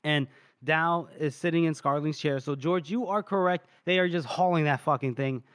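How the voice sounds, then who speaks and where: A man's voice: a little high, normal speed, a bit bright, no room sound, clean studio sound. A man co-hosting a podcast, recapping a book chapter in loose, rambling casual chat, full of fillers and the odd swear word. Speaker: podcast co-host.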